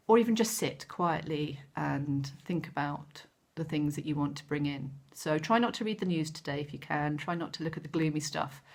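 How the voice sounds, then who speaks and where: A woman giving a gentle, encouraging weekly card reading, with frequent ums and self-corrections. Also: deep voice. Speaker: tarot card reader.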